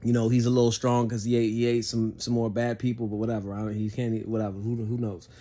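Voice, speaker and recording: A man's voice: mid-range voice, little pitch movement, fast, mellow. A man giving a casual spoken movie review, laid-back and profane, rambling with frequent restarts.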